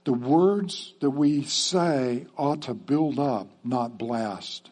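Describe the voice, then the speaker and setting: Husky man preaching a conversational sermon. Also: medium pitch, very slow, darkish tone. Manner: conversational, frequent "okay?" check-ins. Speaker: pastor.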